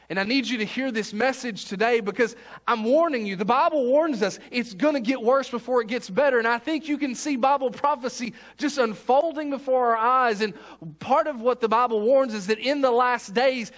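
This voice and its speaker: Pastor guy preaching, chatty and folksy, lots of restarts, pretty high voice. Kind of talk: sermon.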